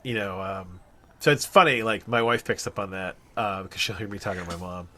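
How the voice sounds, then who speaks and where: A man's voice: on the low side, brisk, sharp tone. A middle-aged man from New Jersey, co-hosting a podcast in casual, rambling chat, often restarting sentences and laughing. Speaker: podcast co-host.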